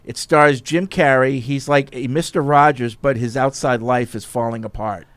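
A man's voice: medium pitch, steady tone, normal speed, no room sound. A man hosting a casual sports podcast, chatting with co-hosts and reading listener emails aloud in an easygoing way. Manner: easygoing, wraps up the show brightly. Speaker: podcast host.

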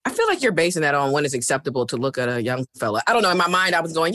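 A woman co-hosting a casual chat, telling a story with halting restarts. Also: low-pitched, big pitch swings, fairly bright tone, no echo, clean studio sound.

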